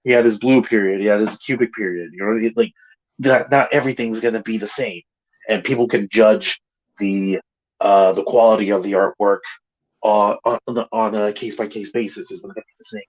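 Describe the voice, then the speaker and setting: A man co-hosting a casual review chat, rambling and excitable, often restarting his sentences and swearing. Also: fairly low pitch, fairly quick, dull audio. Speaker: podcast co-host.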